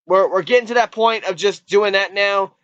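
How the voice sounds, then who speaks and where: A man's voice: high-pitched, normal speed, a bit bright, no echo, highs cut off. A man giving a casual spoken movie review, rambling and repeating himself, with casual swearing.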